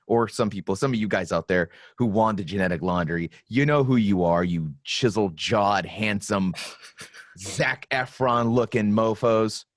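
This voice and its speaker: A man hosting a podcast in casual chat, telling stories with lots of swearing and animated delivery. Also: fairly low pitch, normal speed, no echo, studio quality. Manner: profane, animated storytelling. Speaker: podcast host.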